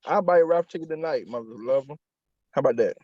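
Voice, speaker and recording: A man's voice: mid-range voice, lively intonation, fast, no room sound, muffled recording. A man co-hosting a live podcast, bantering and cursing in a joking way. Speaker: podcast co-host. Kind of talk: casual live-stream chat.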